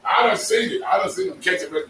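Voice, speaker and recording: A man telling casual stories to his vlog audience, animated and laughing, cursing freely as he talks. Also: sits high, quick pace. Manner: animated, swearing, laughing storyteller. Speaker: vlogger. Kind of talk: casual storytelling monologue. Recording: echoey, distant mic with faint noise.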